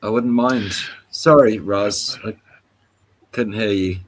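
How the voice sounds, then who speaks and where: A man's voice: fairly low pitch, slow pace, a crowd in the background. A man chatting easygoingly on a live call, talking hesitantly with a few stumbles. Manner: easygoing, hesitant, with fillers and restarts. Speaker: participant in open discussion. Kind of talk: casual chat on a live voice call.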